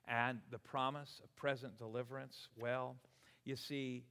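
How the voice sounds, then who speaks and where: Older guy pastor in his 60s preaching, animated, chuckles a lot, big echoey church hall. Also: medium pitch, a little slow, smooth. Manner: animated, exclamatory, chuckles between points. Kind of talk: sermon. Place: church sanctuary. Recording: long hall reverb.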